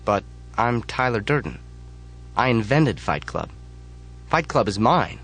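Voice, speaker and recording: A man reading a first-person audiobook in a measured, flat delivery. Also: mid-range voice. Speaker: audiobook narrator.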